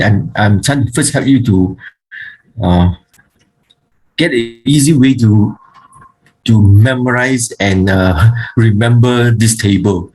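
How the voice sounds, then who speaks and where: A man teaching a grammar lesson, speaking haltingly with frequent fillers and restarts, and slowly reciting word forms one by one. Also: medium pitch, a little mellow, poor audio. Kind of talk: online Hebrew grammar lesson.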